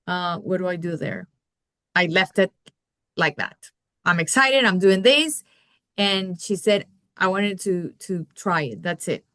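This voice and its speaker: A woman's voice: on the low side, steady tone, a bit bright, no echo. Hesitant Colombian woman asking for advice. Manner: hesitant, many fillers, long pauses. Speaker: team member asking a question.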